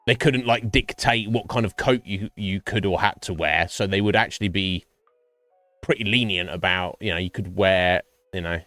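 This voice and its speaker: A man's voice: sits low, normal speed, fairly bright tone, dry recording, faint music behind. A man streaming and chatting casually with his viewers, rambling and swearing freely. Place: home streaming setup.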